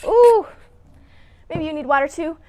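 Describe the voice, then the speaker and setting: A woman's voice: extremely high pitch, moderate pace, fairly bright tone. A woman hosting a children's story time, leading movement exercises in a playful, encouraging way and humming little sound effects. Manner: playful, encouraging, talks straight to young kids; hums little sound effects and laughs between cues.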